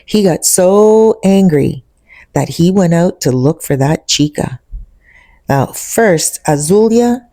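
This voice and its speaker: A woman's voice: fairly low pitch, animated, takes it slowly, mellow, dry recording. A woman telling a story in a chatty way, speaking directly to her listeners. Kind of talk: casual storytime vlog.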